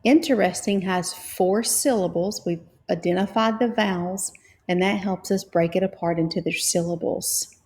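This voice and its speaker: A woman reading teacher leading a phonics lesson, spelling out letters and sounding out syllables slowly and patiently. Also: fairly low pitch, darkish tone. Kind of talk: slow, clear phonics lesson.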